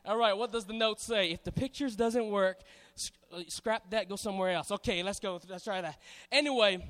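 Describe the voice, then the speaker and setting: A man from Hawaii with a Pidgin and Southern-tinged accent, giving a loud, playful church youth talk with call-and-response. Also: high voice, normal speed. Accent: Hawaiian Pidgin mixed with Southern US. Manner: loud, playful, hyping up the crowd. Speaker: guest speaker at church youth service. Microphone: stage microphone on a cable. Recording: long reverb from a large hall.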